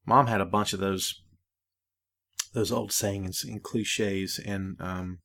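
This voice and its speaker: A man's voice: fairly low pitch, fairly even intonation, takes it slowly, vocal fry, a bit bright. A man hosting a solo podcast in a casual, laid-back way, often tossing in "man" and drifting into friendly preaching. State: out of breath. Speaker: podcast host.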